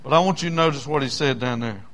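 A man preaching a sermon in a dramatic, folksy way, swinging between loud outbursts and low murmurs. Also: fast talker. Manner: folksy, with many fillers and restarts.

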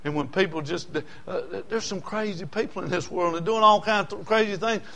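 A man's voice: high-pitched, a little fast, a bit bright. A man preaching a sermon, telling personal stories in a folksy way and building to emotional peaks.

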